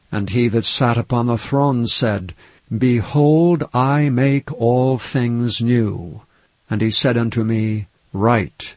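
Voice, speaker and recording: A man giving a measured, deliberate scripted reading of scripture, with a dull, slightly lo-fi sound. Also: mid-range voice, darkish tone, no echo. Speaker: reader.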